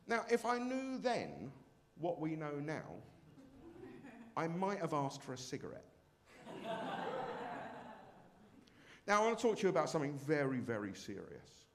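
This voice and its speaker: A man's voice: a little high, sing-song, moderate pace. A man performing a brash, self-mocking stand-up comedy set on a club stage.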